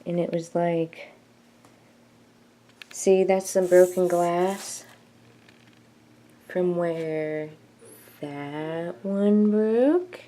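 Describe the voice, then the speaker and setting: Slow-talking woman vlogging, casual and rambling. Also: lowish voice, warm tone. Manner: rambling and self-mocking, jokey. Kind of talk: casual chat.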